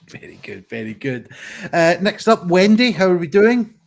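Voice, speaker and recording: A man's voice: high-pitched, gravelly. A man hosting a live online pun contest over a video call, chatty and rambling with many fillers. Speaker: host. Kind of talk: casual live stream hosting.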